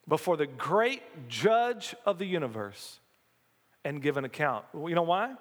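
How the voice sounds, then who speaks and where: At a measured pace, a man preaches an animated, folksy sermon and invites his listeners to respond aloud. His voice sits a little high and echoes with the long reverb of a large church hall.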